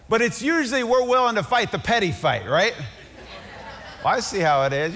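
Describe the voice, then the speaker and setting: Impassioned preacher in a reverberant hall. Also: male voice, high voice, big pitch swings, moderate pace. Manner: impassioned preaching that swings from loud climaxes to quiet asides. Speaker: pastor. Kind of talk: sermon. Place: large church hall.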